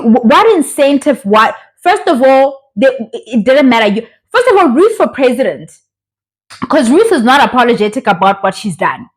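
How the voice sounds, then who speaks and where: Young south african woman, voice a bit high, sore throat, ranting opinions about a dating show. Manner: animated and opinionated, acts out the cast members' voices. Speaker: reality TV reviewer. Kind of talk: casual chat, reviewing a show.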